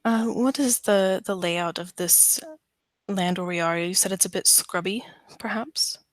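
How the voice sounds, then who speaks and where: Slow, hesitant woman player. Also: mid-range voice, no room sound. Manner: hesitant, with fillers. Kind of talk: tabletop game play.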